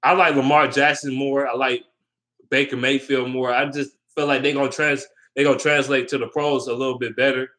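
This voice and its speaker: A young sports vlogger talks a little fast and flatly, his voice bright, forward, and middle-pitched. In casual, unscripted sports chat he rambles loosely through opinions, using slang and plenty of ums and restarts.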